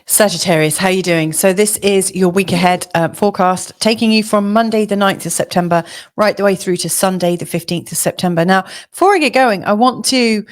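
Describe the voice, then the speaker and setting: A woman astrologer giving a casual weekly forecast, chatty and hesitant, with a slightly hoarse voice. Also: medium pitch, a little fast. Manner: chatty, hesitant with many fillers and restarts. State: slightly hoarse, losing her voice.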